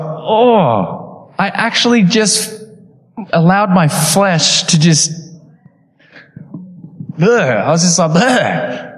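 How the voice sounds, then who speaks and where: A man, preaching a sermon with casual storytelling and laughing asides. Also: sits high. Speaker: pastor. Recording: echoey hall with long reverb.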